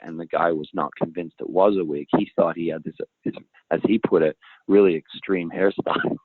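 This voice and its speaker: A man's voice: sits low, fairly even intonation, a little fast, slightly rough, no echo. A man telling stories as an interview guest, rambling and restarting his sentences. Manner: rambling, self-interrupting, laughs along. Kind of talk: casual storytelling in an interview. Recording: phone-like, dry call audio.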